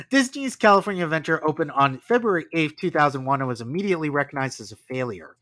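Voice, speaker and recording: A man telling a story on a podcast with a lively, bouncy delivery and a slightly high voice. He narrates in a casual way and drops wry asides between facts. The sound is dry and close. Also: a little fast, dry recording. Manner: animated storytelling with asides and laughs. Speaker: podcast host.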